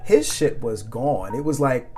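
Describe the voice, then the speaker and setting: Man, podcast host, loose rambling storyteller, mid-pitched, laughs a lot, faint music under him. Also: measured pace. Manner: rambling, animated, laughs often, acts out quotes. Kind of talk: casual storytelling monologue.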